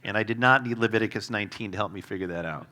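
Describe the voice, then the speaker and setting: A man's voice: fairly low pitch, racing. A man preaching a sermon as a guest speaker, conversational and humorous, with fillers and wry asides. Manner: humorous storytelling, self-deprecating asides; conversational with fillers, varied loudness.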